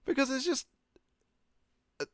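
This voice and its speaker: A man's voice: extremely high pitch, a little slow, fairly bright tone, dry recording, studio quality. A man hosting a podcast in a casual rambling monologue. He jokes, swears freely and laughs at his own jokes. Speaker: podcast host.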